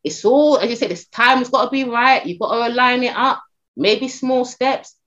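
Animated woman telling stories on a podcast. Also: fairly high pitch, moderate pace, dull audio. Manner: animated, storytelling, many restarts and fillers. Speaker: talent agent and podcast guest. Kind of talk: casual podcast chat.

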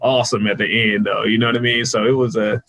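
A man being interviewed as a guest, telling casual stories and acting out the people he quotes in a higher, louder voice. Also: quick pace, poor audio. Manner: animated storyteller, jumps higher and louder when quoting people. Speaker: guest, sports PR consultant.

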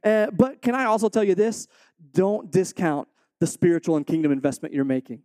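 A man speaking as a missionary to a supporting church, preaching earnestly and then telling a personal story with animated, acted-out quotes. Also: high-pitched, a little fast, no echo.

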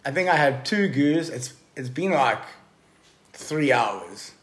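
This podcast guest, a man with a mid-range voice, takes his time as he tells the host a story. He's casual, excitable and profane, cursing freely and addressing the listener as bro.

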